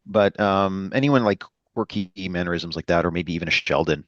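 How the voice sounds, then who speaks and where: A man playing a tabletop game, talking haltingly and searching for words. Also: low voice, a bit bright, no room sound. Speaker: player. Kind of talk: session-zero planning chat. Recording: muffled lo-fi mic.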